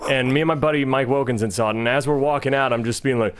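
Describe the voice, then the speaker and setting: A man co-hosting a studio movie podcast, telling a story in casual chat with an animated, playful manner. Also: medium pitch, quick pace, clear, resonant tone. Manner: animated storyteller, jumps into silly voices. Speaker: podcast co-host.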